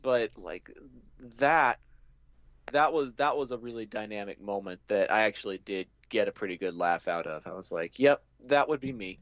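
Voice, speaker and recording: A man's voice: lowish voice, normal speed, fairly bright tone, no echo. A man hosting a casual podcast, teasing his co-hosts and moving the talk along. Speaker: podcast host. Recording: dull, dry lo-fi sound.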